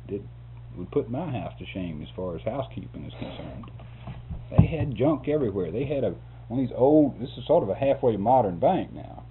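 Guy rambling thru an old story, chuckling a lot, lowish voice, tinny old tape. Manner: chuckles often, rambling, restarts words. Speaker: interviewee telling a work story. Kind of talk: casual storytelling. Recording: phone-like lo-fi tape with faint hum.

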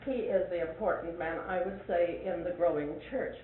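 A woman's voice: lowish voice, moderate pace, far from the mic. Older woman teaching a church class. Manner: folksy, questioning, often repeats points for emphasis. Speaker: Sunday school teacher. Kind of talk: leading a Bible class discussion. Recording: echoey, tinny lo-fi recording with faint hiss.

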